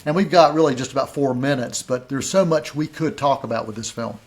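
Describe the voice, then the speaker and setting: A man's voice: medium pitch, a little fast. A middle-aged man hosting a film review show, speaking casually with frequent restarts. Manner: stammering restarts, conversational. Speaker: film critic host.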